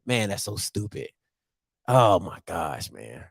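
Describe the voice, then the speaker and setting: Animated man in his thirties ranting. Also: low-pitched, slow, gravelly, breathy edge, dry recording, studio quality. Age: 30s. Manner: animated ranting, mocking old-timers in loud put-on voices. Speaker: show host. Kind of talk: casual sports chat to camera.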